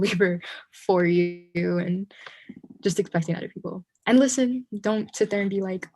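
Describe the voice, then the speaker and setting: A woman's voice: lowish voice, steady tone, normal speed, a little mellow. A young woman on a youth panel, speaking emphatically with many "like" fillers. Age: young adult. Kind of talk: casual discussion.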